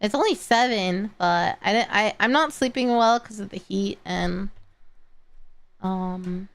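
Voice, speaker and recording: A woman's voice: mid-range voice, slow pace, no room sound. A young woman chatting casually on a live stream, tired and rambling, with many fillers and restarts. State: tired and yawning. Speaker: streamer reacting to videos and chat.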